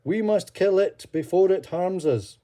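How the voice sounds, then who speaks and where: An older woman voicing a crowd of frightened, angry villagers in a storybook reading, shouting urgently. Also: fairly low pitch, expressive, a little slow, voice pushed up. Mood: alarmed.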